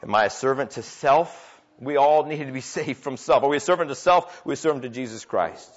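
A man preaching a sermon as pastor, swinging between loud emphatic declarations and quiet, intimate asides. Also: mid-range voice, fairly quick. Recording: dull lo-fi church recording.

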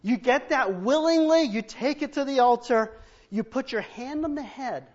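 A man's voice: very high-pitched, normal speed. A male preacher giving a sermon, telling Bible stories, acting out dialogue in different voices and adding humorous asides for the congregation. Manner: storytelling, acts out biblical and household dialogue in different voices. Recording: dull, muffled recording.

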